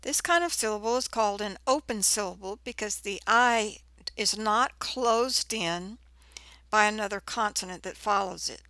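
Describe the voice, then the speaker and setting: A woman teaching a phonics lesson to children, sounding out words slowly and clearly. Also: mid-range voice, pushed and bright, no room sound. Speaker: reading teacher.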